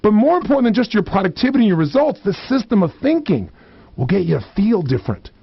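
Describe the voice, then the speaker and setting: A man, a motivational speaker, teaching a self-help lesson with lots of energy and acting out people's voices with big swings in pitch. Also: very animated, fast, gravelly, husky, dry recording. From United States. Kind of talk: recorded self-help seminar. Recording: dull lo-fi audio, dry.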